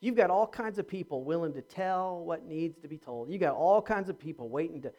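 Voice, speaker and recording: A man preaching a sermon as a pastor, animated, swinging between loud and hushed, with stumbling repeats when he gets going. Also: fairly high pitch, brisk.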